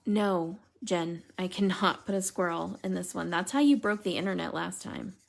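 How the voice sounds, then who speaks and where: A woman's voice: lowish voice, normal speed, creaky. A woman hosting a live stream, telling funny stories and chatting casually with viewers by name while she colors. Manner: chatty, giggly storyteller, replying to viewers by name.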